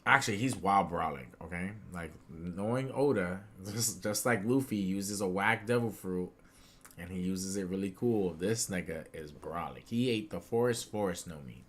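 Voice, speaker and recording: A young man with a bright, forceful tone chatting loosely on a podcast. He talks in excitable, slangy bursts, jumping between low mutters and loud acted-out lines. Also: normal speed. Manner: excitable, slangy, acts out characters' lines in swinging voices. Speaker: podcast co-host. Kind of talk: casual chat.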